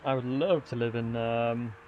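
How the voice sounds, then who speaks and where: A man's voice: mid-range voice, steady tone, moderate pace, narrow, tinny audio, a little hiss or hum. Chatty young man streaming games. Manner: chatty, upbeat banter with chat. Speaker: game streamer. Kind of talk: casual live-stream commentary.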